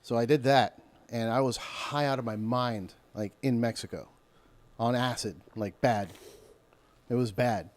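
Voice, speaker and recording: A man guesting on a podcast, telling a story in a loose, animated way and acting out other people's voices. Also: medium pitch, measured pace. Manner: animated, acts out voices and yells mid-story. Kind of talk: casual storytelling.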